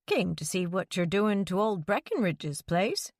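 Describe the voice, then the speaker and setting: A woman's voice: mid-range voice, sing-song, measured pace, dry recording, studio quality. A woman voicing a stubborn, meddling older mother who scolds her grown son about the town's gossip. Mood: nosy. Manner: scolding, nosy, disapproving.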